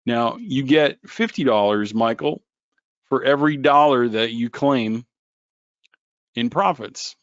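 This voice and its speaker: A man hosting a live trading webinar, joking and animated as he talks to viewers by name. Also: medium pitch, slow pace, pauses often, no echo. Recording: dull lo-fi webinar audio.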